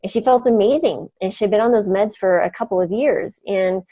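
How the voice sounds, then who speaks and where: A woman's voice: medium pitch, a little fast, dry recording. Chatty woman doctor telling a story. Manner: animated, chatty, frequent fillers and laughs. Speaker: physician guest. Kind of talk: conversational storytelling.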